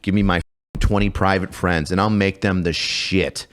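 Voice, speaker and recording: A man's voice: low-pitched, normal speed, clean tone. Profane storytelling former drill sergeant, man. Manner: animated, profane, acts out shouted exchanges. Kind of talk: casual storytelling.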